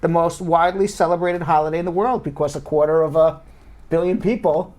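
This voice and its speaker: Animated lawyer hosting a show. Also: male voice, on the high side, fairly quick. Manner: animated, swings between loud jokes and sober explaining. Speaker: immigration lawyer and show host. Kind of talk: casual live show chat.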